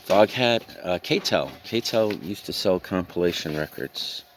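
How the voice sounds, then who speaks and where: A man casually talking through a pile of records he is reselling, reading out album titles and dropping deadpan jokes as he goes. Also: deep voice, takes it slowly, a little hiss or hum. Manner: rambling, reads out album titles with deadpan joking asides. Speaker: reseller showing a record haul. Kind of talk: casual vlog commentary.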